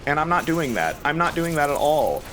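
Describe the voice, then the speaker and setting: A man's voice: fairly high pitch, very animated, brisk, a bit bright. Young guy freaking out over his game, rambling and talking to himself, bit of hiss in the back. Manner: panicky, rambling, self-talking with nervous laughs. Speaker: gaming YouTuber. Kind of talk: live gameplay commentary.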